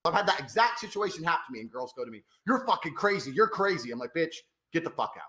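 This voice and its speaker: Talking fast in a fairly high, sharp-toned voice with big swings in pitch, a man gives advice to men as a podcast interview guest. He's blunt, emphatic and profane, and the audio carries a roomy echo.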